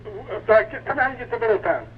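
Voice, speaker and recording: Phone caller, man, hesitant and stammering, high pitched, muffled line. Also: lively intonation, slightly rough. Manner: halting, stammering questions. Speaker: person on phone call.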